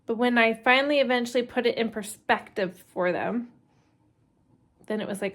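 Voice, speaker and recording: A bright-ish, slightly high voice at a moderate pace belongs to a homeschooling mom vlogger in her thirties. She rambles casually with plenty of fillers and nervous laughter while doing laundry at home, and the audio quality is poor.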